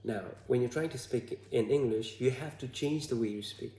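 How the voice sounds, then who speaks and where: A man from Bhutan with a Bhutanese accent, talking to the camera in a hesitant, halting way full of fillers. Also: medium pitch, warm tone, roomy sound, slight background noise. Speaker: vlogger. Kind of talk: casual talk to camera.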